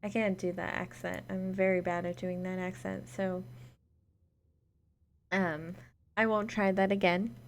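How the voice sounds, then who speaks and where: A woman's voice: mid-range voice, little pitch movement, measured pace, gravelly, long pauses, slight background noise. A woman casting a gaming tournament live, chatting with viewers and thanking them between matches. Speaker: esports caster. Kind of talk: solo live-stream casting between games.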